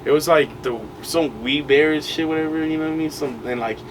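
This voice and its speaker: A man's voice: fairly high pitch, fairly quick. A young man co-hosting a podcast, telling a long story in a rambling, slangy way full of fillers. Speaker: podcast co-host. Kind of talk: casual storytelling chat. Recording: distant mic with noise behind.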